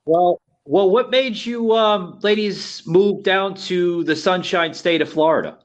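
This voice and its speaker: Halting higher-voiced male podcast host. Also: muffled recording. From Lower East Side of Manhattan, New York. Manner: halting, full of "uh" fillers and repeated words. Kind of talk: casual interview chat.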